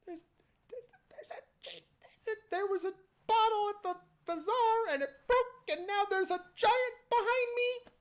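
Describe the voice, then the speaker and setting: A man's voice: very high-pitched, measured pace, pitched above the performer's own voice. A man voicing a panicked little boy who stammers in fear. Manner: stammering, frantic.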